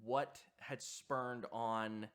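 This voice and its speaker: A man's voice: medium pitch, steady tone, very slow, a bit bright, smooth. A man hosting a video essay, giving reflective commentary in a hesitant way with frequent fillers and restarts. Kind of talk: reflective commentary on horror sound design.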